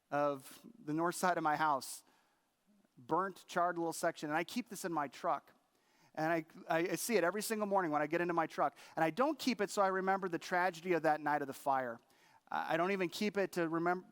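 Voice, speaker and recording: A middle-aged man preaching a sermon as a pastor, telling a personal story earnestly and quoting himself and his wife in changed voices. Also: a little high.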